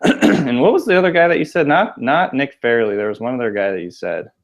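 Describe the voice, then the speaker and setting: A man's voice: medium pitch, animated, a little fast. A man co-hosting a sports podcast, giving easygoing opinions and hedging with "like" and "I think". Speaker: podcast co-host. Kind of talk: casual sports podcast chat.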